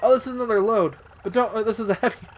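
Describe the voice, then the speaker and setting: A man's voice: high-pitched, very fast, a little hiss or hum, pitched above the performer's own voice, close to an everyday voice. A man voicing a cheerful, willing helper robot in a game, upbeat and a little boastful. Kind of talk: reading game dialogue aloud.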